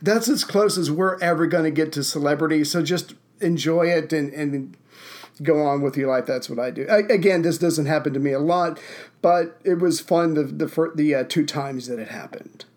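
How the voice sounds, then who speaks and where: A man's voice: on the high side, normal speed, a little mellow. A man hosting a podcast, telling stories in a rambling, self-deprecating way. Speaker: podcast host. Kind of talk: casual chat.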